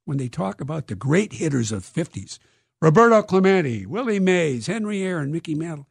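A gravelly, husky man telling stories with a lot of life. His pitch swings widely as he dramatizes quotes and builds up his points. The voice sits a little high for a man, with a close, dry sound. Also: normal speed, no echo. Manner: lively, dramatic storyteller who acts out quotes. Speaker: author being interviewed. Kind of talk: animated interview storytelling.

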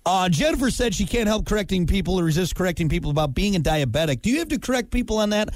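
Lively, teasing male morning-radio host. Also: sits high, no echo, clean studio sound. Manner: teasing, playful, quick asides. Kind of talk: joking morning-radio banter. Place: radio studio. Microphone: studio mic.

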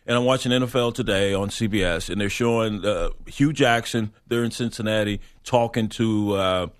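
A man's voice: fairly low pitch, moderate pace, smooth. A man co-hosting a sports radio show, talking casually about football with lots of restarts and fillers. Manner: rambling, many restarts and fillers.

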